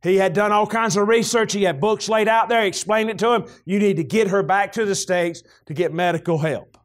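A high-voiced man with a Southern US accent preaching a folksy sermon. He talks like he is telling a story to friends. When he gets worked up, his voice climbs and breaks into loud shouts. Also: fairly quick. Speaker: pastor.

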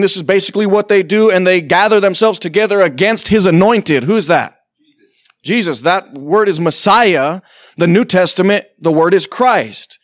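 A man's voice: high voice, no room sound, studio quality. A man preaching a sermon to a congregation in a conversational way, with sarcastic asides and acted-out quotes. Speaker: pastor.

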